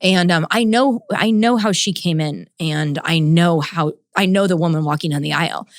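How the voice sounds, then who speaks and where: A woman's voice: on the low side, normal speed, hardly any pauses, dry recording, studio quality. A woman in her thirties hosting a casual Q&A podcast, emotional and rambling, full of "like" and "oh my gosh.". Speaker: podcast host and ministry leader.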